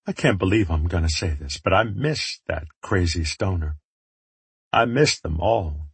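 This is a gruff, gravelly grown man from an audiobook, a hard drinker with a blunt, teasing way of talking, as a man reads him aloud. The voice sits low and rough, and the recording is dry and close. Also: expressive, measured pace, fairly bright tone, dry recording, heavily acted. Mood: wistful.

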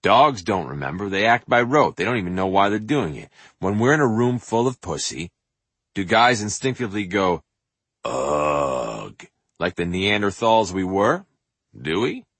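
A man reading his own memoir aloud for an audiobook, animated and profane, with a husky voice, recorded in a booth. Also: lowish voice, moderate pace, no room sound. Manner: animated and profane, acts out quotes and sings snippets. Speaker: memoir narrator.

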